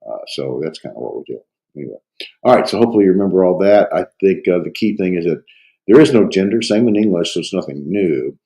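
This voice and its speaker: A man with a cold teaching a Greek grammar review, talking haltingly with many fillers and thinking aloud. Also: low-pitched, expressive, warm tone, poor audio. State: has a cold. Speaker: Greek instructor.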